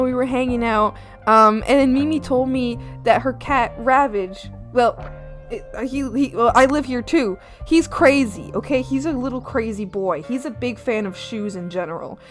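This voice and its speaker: A young woman streaming her art from home, chatting casually with viewers, giggling often and yelling playfully at her pets. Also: sits high. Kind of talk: casual live-stream chat.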